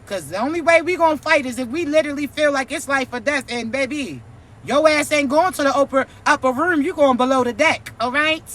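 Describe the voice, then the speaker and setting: A woman's voice: high-pitched, brisk, a bit bright. A woman giving a profane, preachy, mocking vlog rant as a spiritual content creator.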